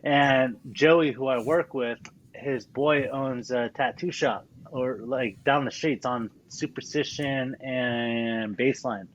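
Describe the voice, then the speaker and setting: A man telling a story in casual podcast chat, animated, swearing freely and laughing often. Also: medium pitch, slow, lo-fi sound, a little hiss or hum. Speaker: podcast guest.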